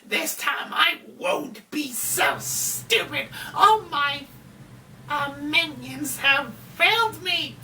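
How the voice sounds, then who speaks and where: A woman voicing a gloating male ghost king villain, shouting his taunts in a high, theatrical voice. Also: animated, very slow, vocal fry, recorded from a distance, a little hiss or hum, full character voice.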